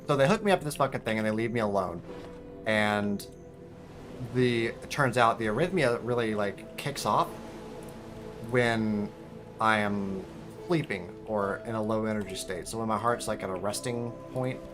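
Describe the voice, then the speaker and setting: A young man streaming a game, telling a story in a casual, swearing, animated way and squeaking out high alarm noises. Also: normal speed, music in the background. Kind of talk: casual storytelling while gaming.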